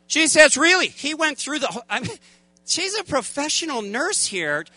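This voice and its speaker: Preacher guy telling a story, high bright voice, dry close sound. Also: normal speed, no room sound. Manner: animated, folksy, laughs often, acts out voices. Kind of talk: storytelling sermon.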